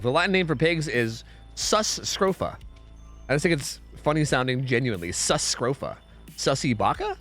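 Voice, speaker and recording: Guy streaming games, chatty and rambly, lots of dude and swearing, bouncy pitch, bit of music under it. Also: fairly bright tone. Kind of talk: casual chat with chat while gaming.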